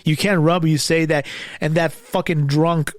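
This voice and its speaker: Young man, angry profane rant, fairly high voice, dry close sound, stammering repeats. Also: steady tone, normal speed, no room sound. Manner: angry, profane, repeats himself, yells at times. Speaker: podcast host. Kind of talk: solo commentary rant.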